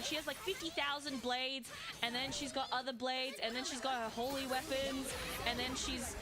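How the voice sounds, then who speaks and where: A woman with an Australian accent, chatting casually and rambling while streaming a game. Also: high voice. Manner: rambling, chatty, with frequent fillers and laughs. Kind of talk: casual live gameplay stream chat.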